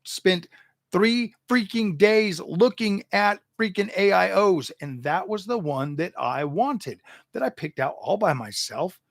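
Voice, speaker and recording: A man hosts a tech channel in a casual, animated rant, stammering and doubling back on his words. His voice is a touch high with a gravelly edge. The sound is dry and close. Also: unhurried, no room sound. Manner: animated, exasperated, stammers and repeats himself. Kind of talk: casual livestream chat.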